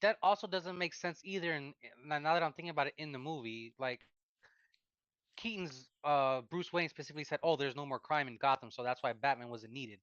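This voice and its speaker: A man co-hosting a livestream, talking quickly and pushing back with skeptical questions. His voice is bright and a bit high. The audio sounds dull and lo-fi. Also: clear, resonant tone. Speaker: livestream co-host. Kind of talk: casual pop-culture chat.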